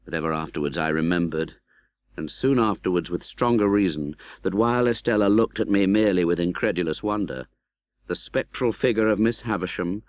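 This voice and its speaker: A man reading an audiobook in scripted narration, expressive and dramatic, voicing the young hero's pleas. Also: deep voice.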